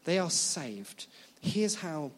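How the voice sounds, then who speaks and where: Animated, joking preacher man. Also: a little high, takes it slowly. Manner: animated, joking, asks the audience questions. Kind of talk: sermon.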